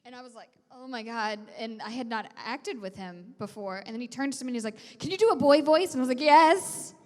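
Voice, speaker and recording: A woman's voice: fairly high pitch, fairly even intonation, fast. A woman who is a voice actress, chatting on a convention panel in a giggly, chatty way with many ums. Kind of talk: casual convention panel chat. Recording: echoey convention hall.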